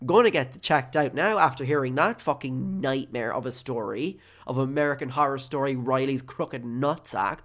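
A young Irish man hosting a podcast, telling a story in a dramatic, self-mocking and sweary comic monologue. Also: fairly high pitch. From Ireland. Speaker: podcast host.

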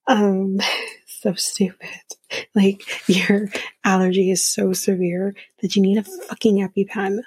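A woman's voice: medium pitch, level tone, unhurried, darkish tone, husky, no room sound, low-quality recording. A young woman hosting a podcast, chatting casually and with exasperation about a reality show, swearing freely. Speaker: podcast host. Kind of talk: casual recap commentary.

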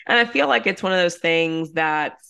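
Young woman, lower-pitched voice, podcast co-host, chatty, storytelling recap. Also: normal speed, gravelly, bright, forceful tone, smooth. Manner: chatty storytelling, many fillers and asides. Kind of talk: casual recap chat.

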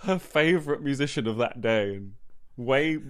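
A man, a comedian and musician, chatting casually as a podcast guest and acting out voices in his anecdotes. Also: normal speed. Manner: animated anecdote-teller, acts out voices with big pitch jumps. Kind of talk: casual chat.

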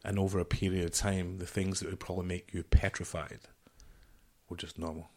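Guy, low voice, swearing a lot and acting out the voices as he tells a podcast story. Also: brisk. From United Kingdom. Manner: animated, swearing, acts out dialogue. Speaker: podcast guest.

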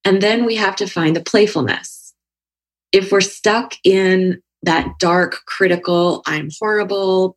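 Thoughtful woman, low voice. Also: breathy edge. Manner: thoughtful, reflective, speaks in long winding sentences. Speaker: yoga teacher and author. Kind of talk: conversational podcast talk.

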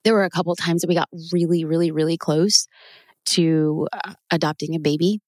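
A woman's voice: deep voice, steady tone, brisk, darkish tone, dry recording. A woman guest on a podcast, telling a personal story earnestly and emotionally, often restarting her words, recorded in a studio. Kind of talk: candid interview storytelling.

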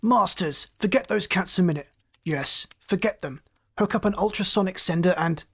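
The narrator voicing a gruff, short-tempered male chief engineer who roars and snaps orders. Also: mid-range voice, normal speed. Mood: angry. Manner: roaring, snapping commands.

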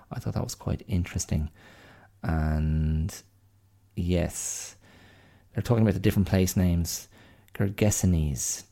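A man's voice: low voice, creaky, mellow. A man hosting a podcast alone, rambling and thinking aloud in casual chat. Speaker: podcast host.

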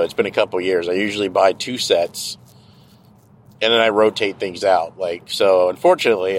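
Driving his car, a middle-aged man delivers a sarcastic, foul-mouthed monologue for his podcast in a casual tone. The audio is poor, and his voice runs somewhat low.

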